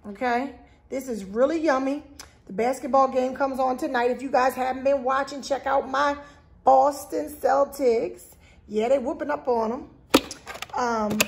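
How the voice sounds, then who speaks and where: A woman hosting a casual grocery haul video at home, chatting straight to her viewers. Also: fairly high pitch. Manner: chatty, keeps addressing viewers directly. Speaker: vlog host.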